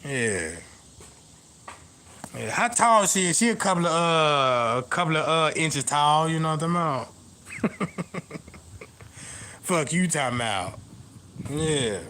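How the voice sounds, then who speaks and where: Animated high-voiced man telling comic stories. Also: slow, pauses often, slight background noise. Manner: animated, profane, repeats "you know what I'm talking about". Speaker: comedian. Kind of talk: stand-up storytelling.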